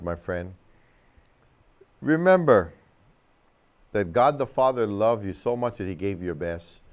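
A man preaching a TV sermon as a minister, telling a story with lots of energy and acting out the shouting crowd, and calling the listener "my friend" again and again. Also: mid-range voice. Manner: keeps addressing the listener as my friend. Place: TV studio.

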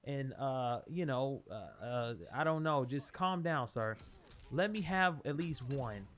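A young man with a mid-range voice takes his time as he narrates his own fighting-game match on his gaming channel. He is foul-mouthed and easily wound up, directing remarks to his opponent and viewers.

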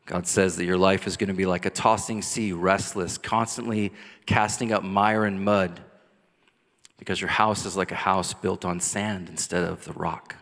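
A man preaching a sermon as pastor, rising to intense cries and dropping to soft, quiet lines. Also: low-pitched, fairly even intonation, normal speed. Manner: passionate preaching, builds to loud cries then drops soft. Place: church sanctuary. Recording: long church hall reverb.

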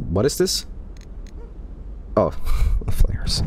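A man from Sweden streaming a horror game, commenting casually, swearing and yelling at what happens on screen. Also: medium pitch, drawn-out words, long pauses, a little hiss or hum. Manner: excitable, profane, yells and laughs at the game. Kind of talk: live gameplay commentary.

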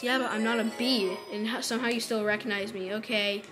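Woman, let's play commentary, chatty, fairly high voice, game music underneath. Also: fairly even intonation, fairly quick, hardly any pauses, poor audio. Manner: chatty, exclaims and groans in frustration. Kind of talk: casual gameplay commentary. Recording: game music playing behind.

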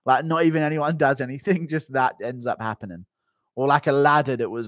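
A man's voice: mid-range voice, moderate pace. A man chatting casually on a livestream, joking crudely with his chat and constantly breaking into laughter. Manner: giggly, keeps breaking into laughter.

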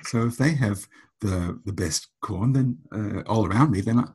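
A man voicing a humble, kindly old male farmer who speaks in a halting, modest way. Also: fairly low pitch, a little mellow, slightly rough.

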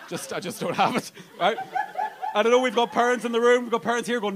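A man's voice: extremely high pitch, moderate pace, pauses often, fairly bright tone. A young man doing a profane, self-mocking stand-up set in a comedy club, acting out voices. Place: comedy club with live audience.

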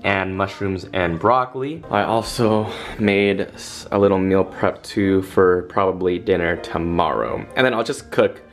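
A man's voice: sits low, a little slow, few pauses. Laid-back young man vlogging at home. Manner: laid-back slangy talk. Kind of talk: casual vlog chat. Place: home kitchen and grocery store. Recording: lo-fi music playing under voice.

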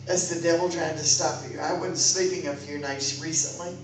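A woman's voice: low voice, fairly even intonation, moderate pace. Woman preacher, fervent sermon, exhorting, very echoey room, distant mic, music playing behind. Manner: fervent, exhorting, rising to loud calls.

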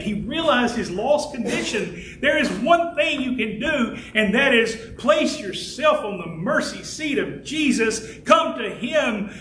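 A man preaching a fervent sermon as pastor, building to shouts and slowing down to stress key words. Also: very high-pitched, expressive, a little hiss or hum. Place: church sanctuary. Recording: echoey church room with faint ambience.

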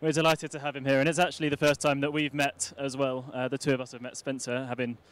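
Smooth-voiced man presenting a talk. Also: medium pitch, little pitch movement, quick pace. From United Kingdom. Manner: chatty, jokey, with many uhs. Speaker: conference presenter. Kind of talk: live conference talk.

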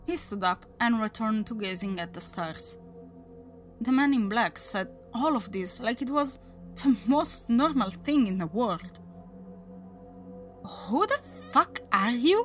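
A woman's voice: a little high, lively intonation, measured pace, soft background music. A woman narrating a horror story aloud, voicing the characters as she reads. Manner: dramatic reading, voices the characters.

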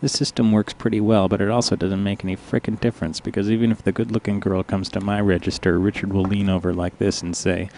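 A young man narrating a comic story in a deadpan, wry, complaining way. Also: sits low, fast, gravelly, hardly any pauses, a little hiss or hum.

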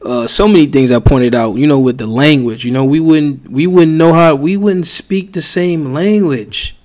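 A man's voice: on the high side, moderate pace, darkish tone. A man who teaches religion, giving rambling, heated casual commentary with frequent restarts.

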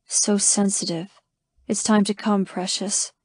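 A woman voicing a commanding young man who speaks low, soft and slow in an audiobook romance. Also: little pitch movement, breathy edge, no echo, clean studio sound. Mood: murmuring.

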